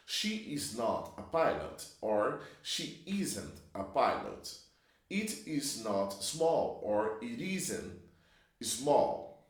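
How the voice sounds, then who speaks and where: A male English teacher walks through grammar examples slowly and patiently, with a lively rise and fall in his voice. The room around him is strongly echoey. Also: medium pitch. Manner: patient, with drawn-out example sentences. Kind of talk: slow, clear classroom explanation.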